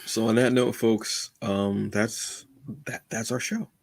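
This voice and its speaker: A man's voice: fairly low pitch, steady tone, takes it slowly, creaky, no echo. A man co-hosting a podcast in casual chat, playful and joking, often calling his co-host "brother". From United States.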